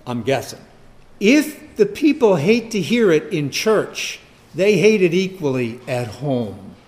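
A man preaching a sermon, firing rhetorical questions and swinging from loud emphasis to quiet asides. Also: fairly high pitch, big pitch swings, slow.

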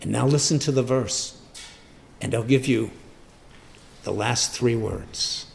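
A man preaching a sermon, repeating lines for emphasis and moving between quiet asides and loud bursts. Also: medium pitch, takes it slowly, gravelly, reverberant, slight background noise. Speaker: pastor.

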